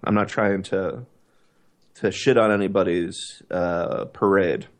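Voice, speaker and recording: Low-voiced hesitant podcast guest, man. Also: fairly even intonation, takes it slowly. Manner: hesitant, lots of uh fillers, laid-back. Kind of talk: casual podcast chat.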